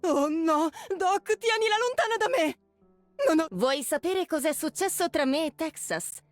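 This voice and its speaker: A woman's voice: very high voice, animated, normal speed, dry recording, faint music behind. An actress playing a power-hungry female mercenary in game voice lines, playful and menacing. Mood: gleeful. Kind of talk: Italian game voice line.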